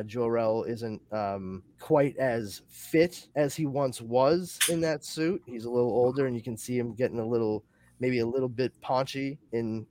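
A male podcast host chatting casually, summarizing a comic in a rambling, animated way with lots of fillers. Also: mid-range voice. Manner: rambling and animated, with many fillers and excited asides.

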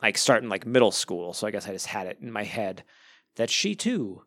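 A man's voice: on the low side, sing-song, brisk, fairly bright tone, no room sound. Chatty man in a book podcast. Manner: rambling, lots of "like" and restarts, laughs now and then. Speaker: podcast co-host discussing a book. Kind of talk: casual chat.

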